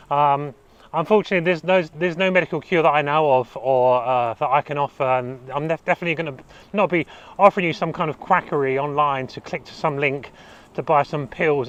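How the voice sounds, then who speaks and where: A man's voice: fairly high pitch, a bit bright, muffled recording. A man vlogging casually to camera, telling his own story in a rambling way with many fillers.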